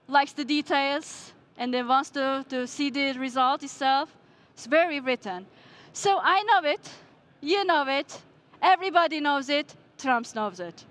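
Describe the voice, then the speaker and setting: A woman with a high voice presents at a conference, walking her audience through ideas point by point. She tosses out rhetorical questions and speaks in slightly non-native English. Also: fairly bright tone. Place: conference stage before an audience.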